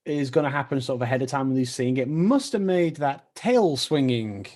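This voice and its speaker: A man's voice: medium pitch, expressive, normal speed, darkish tone. A man hosting an interview, enthusiastic, laughing often, and stammering as he restarts his questions. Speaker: podcast host. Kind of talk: casual interview chat.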